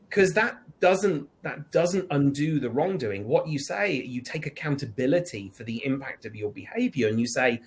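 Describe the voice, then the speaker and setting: Animated man on a discussion panel. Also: moderate pace, few pauses, rough recording. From United Kingdom. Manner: animated, acts out quoted lines in higher voices. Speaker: panel guest.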